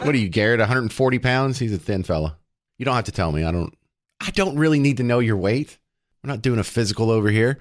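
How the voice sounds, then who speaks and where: A man's voice: mid-range voice, expressive, quick pace, no echo, clean studio sound. A man hosting a talk radio show, joking and rambling with sarcastic asides. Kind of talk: casual opinionated radio talk. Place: radio studio.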